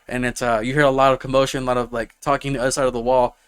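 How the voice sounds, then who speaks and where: A man's voice: mid-range voice, level tone, rapid-fire, a bit bright, smooth. A man narrating a tabletop fantasy game as game master, rambling with lots of fillers. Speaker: dungeon master.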